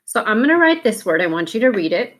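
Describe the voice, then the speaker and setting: A woman's voice: mid-range voice, sing-song, fast, fairly bright tone. A woman teaching a phonics lesson, patiently sounding out letters one at a time and breaking words into syllables.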